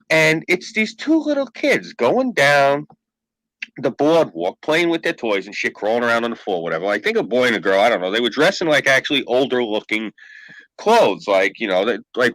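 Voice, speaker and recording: Animated, profane male storyteller. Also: mid-range voice, no room sound, poor audio. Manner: profane, animated anecdote-telling. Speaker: podcast host. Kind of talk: casual storytelling.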